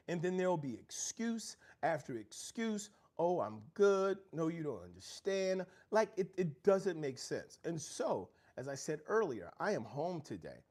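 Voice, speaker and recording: Broadcasting from his home, a middle-aged livestream host delivers earnest, preachy motivation about growth and challenge, reading viewer chat aloud. His voice leans high with a darkish tone.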